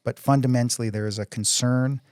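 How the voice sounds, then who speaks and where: A man's voice: mid-range voice, steady tone, fairly quick, darkish tone, smooth, no room sound, studio quality. A middle-aged man, a council candidate and oil company CEO, speaking earnestly in a casual interview with frequent restarts. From Canada.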